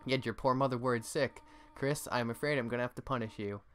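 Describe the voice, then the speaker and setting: A man voicing a kindly, fussing motherly goat monster woman from a video game, scolding gently and doting. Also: mid-range voice, fairly even intonation, quick pace, slight background noise, natural voice.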